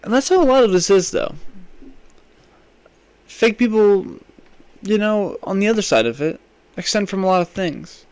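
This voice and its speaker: A young man hosting a podcast, telling a rambling, profane comic story, swinging between loud rants and mumbled asides. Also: sits high, lively intonation, normal speed, long pauses, clear, resonant tone, no echo. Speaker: podcast host. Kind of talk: rambling comedic monologue.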